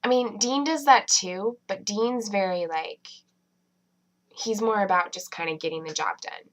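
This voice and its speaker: A woman's voice: medium pitch, measured pace, rough recording. A woman reviewing a TV episode in a casual, rambling way, full of fillers and restarts. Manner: chatty, many fillers and restarts.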